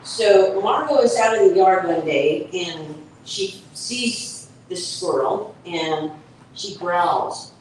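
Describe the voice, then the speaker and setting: Woman author reading a children's book aloud at a book fair, slow, heard far off in an echoey hall. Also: lowish voice, expressive, darkish tone, a little hiss or hum. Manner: slow, explanatory storytelling with asides.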